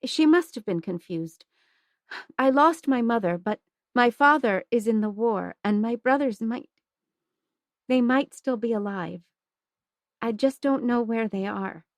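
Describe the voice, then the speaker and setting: A woman's voice: on the high side, measured pace, pauses often, no room sound, studio quality, voice pushed up. A woman voicing a frightened, grieving young girl who stammers and trembles, read as an audiobook.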